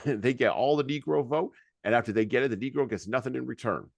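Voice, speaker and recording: A man's voice: medium pitch, gravelly, no room sound. A man co-hosting a podcast, reading long speech excerpts aloud between hesitant, filler-heavy asides. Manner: halting with many fillers in commentary, more forceful when quoting. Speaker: podcast co-host.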